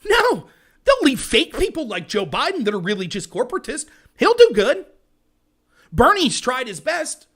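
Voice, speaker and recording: A man hosting a political commentary livestream, ranting in an animated, sarcastic way. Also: extremely high pitch, moderate pace. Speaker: host.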